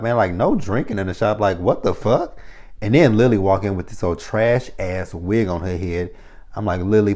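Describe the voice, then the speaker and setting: A man recapping a reality TV episode in a casual monologue, blunt and profane. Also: on the low side. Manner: blunt, profane, animated storytelling.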